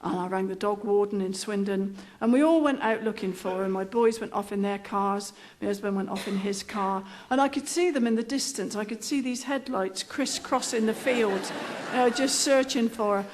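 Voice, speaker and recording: A woman's voice: mid-range voice, moderate pace, a little mellow, a little hiss or hum. A middle-aged woman telling a humorous anecdote in a dry, self-mocking, conversational manner. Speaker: comic storyteller. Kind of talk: humorous anecdote told on stage.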